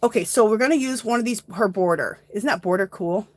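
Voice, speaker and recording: A woman hosting a casual livestream art tutorial, chatting easily to her viewers as she works. She talks in a friendly, upbeat way at a medium pitch. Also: fairly quick. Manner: chatty, addresses viewers as "you guys". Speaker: art journaling host.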